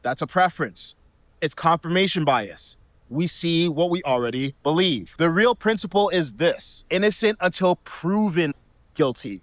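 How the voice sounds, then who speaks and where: Male commentator, scripted; a touch high-pitched, dry room, measured and reasoned. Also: no echo.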